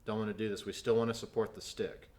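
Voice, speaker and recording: Patient male drum teacher, low voice. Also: little pitch movement, quick pace, very noisy. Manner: patient, counts aloud while demonstrating. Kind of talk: instructional video lesson.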